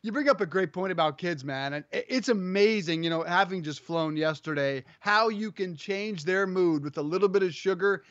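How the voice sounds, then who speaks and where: Lively high-voiced man on sports radio. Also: moderate pace, few pauses, no room sound, dull audio. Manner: lively, playful, upbeat. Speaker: sports talk show co-host. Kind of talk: casual sports radio chat. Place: home studio.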